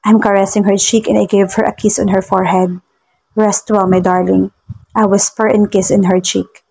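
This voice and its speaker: A woman with a Filipino accent reading a first-person romance story in a soft narrating voice. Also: medium pitch, level tone, fairly quick. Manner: soft, husky narration mixing Tagalog and English.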